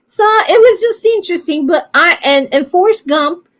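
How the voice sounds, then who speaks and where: A woman from Brazil speaks English with a clear Brazilian accent, sitting in on a casual livestream chat. Her voice sits very high. She tells animated stories and laughs easily. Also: normal speed. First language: Portuguese. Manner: animated storyteller, laughing often.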